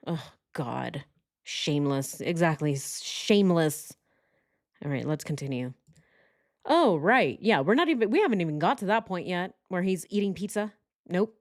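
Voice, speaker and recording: A woman's voice: low-pitched, animated, moderate pace, pauses often. A woman giving casual true crime reaction commentary, indignant and exclamatory, with mocking impressions.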